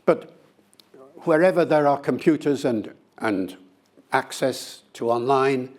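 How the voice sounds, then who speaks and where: An older man, a linguist being interviewed, answering in a lively, conversational way with playful demonstrations. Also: mid-range voice, takes it slowly.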